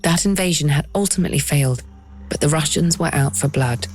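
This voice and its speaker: A woman hosting and narrating a documentary podcast in a measured, lightly wry scripted style. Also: low-pitched, soft background music.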